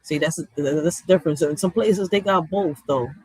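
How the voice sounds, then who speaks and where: Responding to his chat, a young East Coast streamer rambles in a relaxed way, using slang and laughing frequently. He speaks at a moderate pace with a husky voice on the high side, and the rough recording has no room sound.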